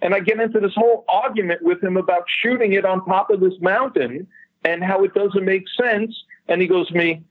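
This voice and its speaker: A man's voice: high-pitched, steady tone, a little fast, breathy edge, dry recording, phone-quality sound. A man casually telling a long anecdote as an interview guest, chatty and swearing freely. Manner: chatty storyteller, swears freely, laughs at his own punchlines. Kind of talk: casual anecdote over a call.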